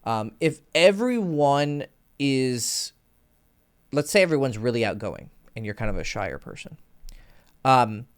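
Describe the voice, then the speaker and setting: A man's voice: mid-range voice, very animated, measured pace, clear, resonant tone. A young man casually coaching on dating and charisma. He swears freely and uses vocal sound effects. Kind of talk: casual advice monologue.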